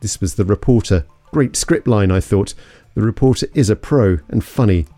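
A man's voice: lowish voice, normal speed, mellow, dry recording, soft background music. A man from London narrating an investigative story in a suspenseful, scripted way. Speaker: podcast narrator.

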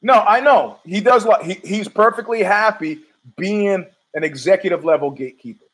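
A man's voice: high-pitched, moderate pace, fairly bright tone, husky, poor audio. A middle-aged man hosting a podcast, rambling through a profane, opinionated monologue full of restarts. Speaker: podcast host.

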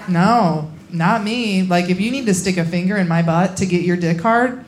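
Young woman doing crude standup on a club mic, deadpan, noisy live recording. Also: lowish voice, moderate pace. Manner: blunt, crude, deadpan punchlines. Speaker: stand-up comedian. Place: comedy club stage, laughing audience.

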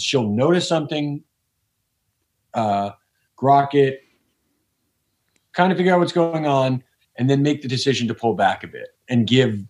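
A man, a podcast guest, talking in a casual, reflective way and often restarting his sentences. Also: medium pitch. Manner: rambling, reflective, many restarts. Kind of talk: casual conversation.

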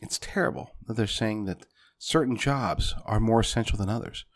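A man's voice: lowish voice, normal speed. A man delivering a punchy political commentary monologue, speaking directly to his listeners as folks.

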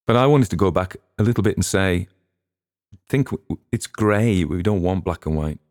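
A man's voice: low-pitched, moderate pace, darkish tone, no room sound, studio quality. A man, hosting a podcast and chatting in a rambling, musing way with plenty of restarts. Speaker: podcast host. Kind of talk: casual rambling commentary.

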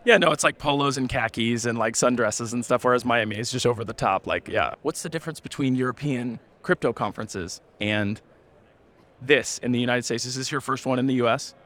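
A man's voice: medium pitch, a little fast, fairly bright tone. A man hosting a podcast, who introduces the episode and interviews guests in a loose, upbeat, chatty way. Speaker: podcast host. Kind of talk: casual podcast chat.

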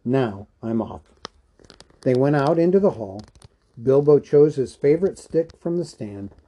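A man reading a novel aloud in a measured, even storytelling manner. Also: a little high, lo-fi sound. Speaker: audiobook reader.

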